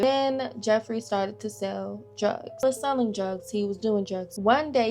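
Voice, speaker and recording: A woman, chatting casually to viewers as she retells a story. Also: fairly high pitch. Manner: chatty, addresses viewers as y'all and girl. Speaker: storytime creator.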